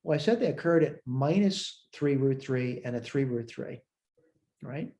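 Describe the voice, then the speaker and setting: A man with a mellow, darker tone walks through a math lecture step by step. He thinks aloud and checks his own work as he goes. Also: medium pitch, animated, measured pace. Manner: talks through worked steps aloud, self-checking. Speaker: math instructor.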